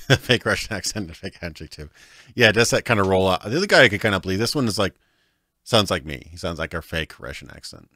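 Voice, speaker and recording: A man's voice: low-pitched, lively intonation, fast, bright, forceful tone, dry recording, clean studio sound. A man casually commenting as he streams a video game, rambling, laughing often and saying "like" a lot.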